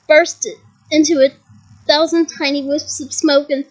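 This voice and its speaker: High-voiced woman reading a story aloud. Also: a little slow, muffled recording. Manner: lively reading with chuckles and side comments. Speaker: reader.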